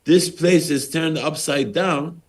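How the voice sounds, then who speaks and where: A man's voice: on the high side, slow. A man hosting a TV program, talking straight to the viewers in a preachy way, posing rhetorical questions with emphatic rises. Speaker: TV program host. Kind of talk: talking to camera, commentary.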